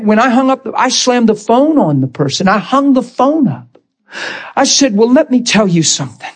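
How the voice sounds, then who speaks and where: A man preaching in a sermon, telling a personal story with emphatic, dramatic bursts. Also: sits high. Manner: emphatic, dramatic retelling with sudden loud bursts.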